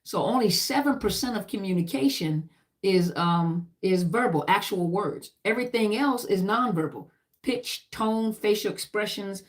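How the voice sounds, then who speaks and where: A woman's voice: medium pitch, lively intonation, normal speed. A middle-aged woman who served in the army, teaching about trauma in an emphatic, repetitive lecture style full of lists and "you know".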